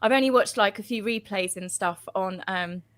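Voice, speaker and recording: A woman as guest in a casual live chat, enthusiastic and animated, quick to agree. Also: mid-range voice. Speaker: guest co-host.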